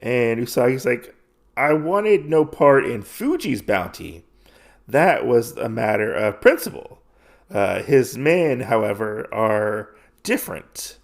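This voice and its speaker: A man's voice: mid-range voice, big pitch swings, slow, vocal fry. A podcast host recapping a comic story in a casual, rambling way, full of fillers, loosely voicing the characters as he goes. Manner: rambling, filler-heavy retelling.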